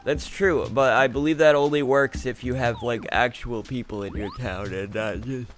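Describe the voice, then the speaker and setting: A man's voice: medium pitch, steady tone, normal speed, a little hiss or hum. Give me a chatty young man narrating his gameplay. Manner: chatty, jokingly exasperated, mutters asides. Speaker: gaming video creator. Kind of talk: casual gameplay commentary.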